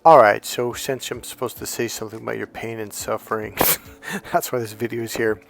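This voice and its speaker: A man's voice: mid-range voice, fairly even intonation, fairly quick, gravelly, fairly bright tone, soft background music. A man who is a dating coach, talking off the cuff to camera in a rambling, profane way and acting out grunts and crying babies.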